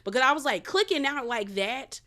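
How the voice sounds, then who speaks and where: A woman hosting a casual reality TV review, telling it in a chatty, colloquial, animated way full of slang. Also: high-pitched, fairly quick. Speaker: reality TV recap host.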